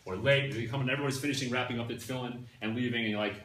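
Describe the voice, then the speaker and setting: A man teaching a class in a conversational, animated way, often checking in with his listeners. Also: medium pitch, racing, a little hiss or hum. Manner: animated, keeps checking in with "right?" and "yeah?". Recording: echoey room from a distance, faint ambience.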